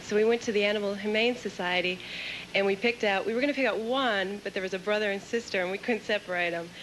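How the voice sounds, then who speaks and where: A woman's voice: mid-range voice, a bit bright, slight background noise, low-quality recording. Earnest woman pageant contestant. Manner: earnest, composed answers. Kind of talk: live stage interview.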